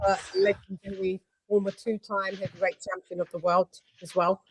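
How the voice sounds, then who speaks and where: A woman hosting a casual boxing stream, telling lively stories and swearing freely. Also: medium pitch, normal speed, very noisy. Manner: animated storyteller, swears freely, acts out quotes. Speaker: host. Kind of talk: casual chat on a livestream.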